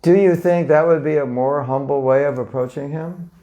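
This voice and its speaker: A spiritual teacher, his voice on the high side and warm in tone, talks at a moderate pace. His informal lecture to a live audience is conversational, full of questions for the listeners and small acted-out scenes.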